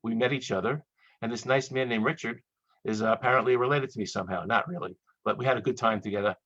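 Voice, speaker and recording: A man giving a chatty, joking lecture to dentists over a webinar, quickly acting out little quoted exchanges. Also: medium pitch, a bit bright, no room sound. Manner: fast, chatty, joking asides, acts out quoted voices. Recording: dull, dry lo-fi webinar audio.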